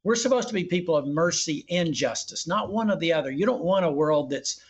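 A man's voice: on the high side, lively intonation, fairly quick, slightly rough. A man who is a former governor, speaking earnestly as a guest in an interview and often restarting his sentences. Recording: dull lo-fi line.

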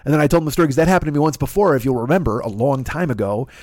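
A man's voice: mid-range voice, racing, no echo. Middle-aged guy on a podcast, swearing a lot, rambling story, dry close mic. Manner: profane, rambling, animated storyteller. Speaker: podcast host. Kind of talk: casual storytelling chat.

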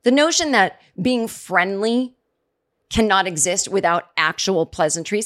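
On her comedy podcast, a middle-aged woman host launches into a sarcastic, profane comedic rant. Her voice is medium-pitched and a bit bright, and she speaks a little slowly.

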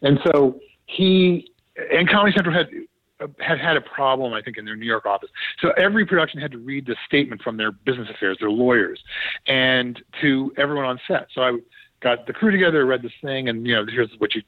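A man, a former TV producer, tells a story in a relaxed, animated way and acts out the dialogue. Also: medium pitch, a little fast, dry recording, narrow, tinny audio. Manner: animated, quotes others in reported dialogue. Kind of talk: casual anecdotal storytelling.

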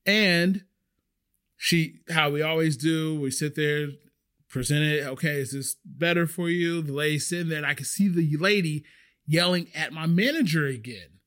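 A man's voice: a little high, normal speed. A man hosting a podcast, telling stories casually and acting out the people in them. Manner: animated, acts out the voices of people in his stories. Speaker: podcast host. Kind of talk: casual storytelling.

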